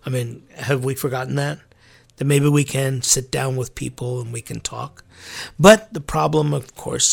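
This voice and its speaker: A man, a church clergyman, giving a reflective sermon-like talk, musing aloud with animated emphasis and laughing at his own slips. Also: medium pitch, a little slow, gravelly, breathy edge.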